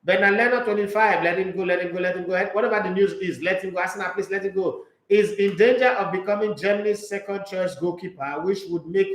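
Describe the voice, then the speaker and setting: A man hosting a solo sports talk show, reading transfer news aloud and breaking into animated, mocking rants. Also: sits high, quick pace, roomy sound, rough recording.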